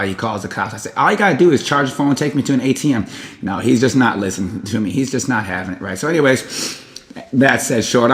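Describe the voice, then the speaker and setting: A man rambling through a personal story in a casual, unscripted way. He loses the thread and picks it back up. He leaps into high, lively voices whenever he quotes someone. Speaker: vlogger telling a personal story.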